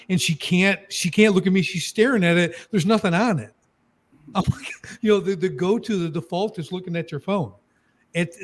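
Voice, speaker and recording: A man's voice: fairly high pitch, a little mellow. A man co-hosting a communication talk show, speaking emphatically and persuasively in a panel discussion and often tagging "right?" onto his points.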